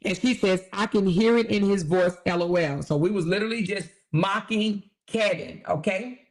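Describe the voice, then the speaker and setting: A woman's voice: mid-range voice, moderate pace. A woman hosting a commentary vlog who reads text messages aloud, with blunt, profane, sassy asides. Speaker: host.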